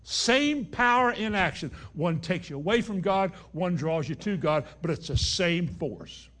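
A man preaching a sermon in a folksy way, dropping to a hush and then rising to emphatic declarations. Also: fairly high pitch, unhurried. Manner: folksy, swings between hushed and emphatic. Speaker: pastor.

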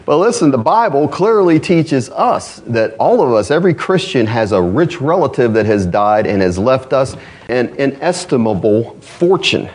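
A man's voice: mid-range voice, big pitch swings, normal speed. A man preaching a sermon in a folksy way, laughing and asking rhetorical questions. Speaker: pastor. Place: church.

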